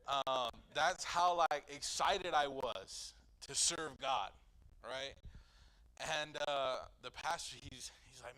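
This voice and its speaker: A man, a guest pastor, telling his personal testimony in a chatty, animated way. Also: medium pitch, slow pace, low-quality recording.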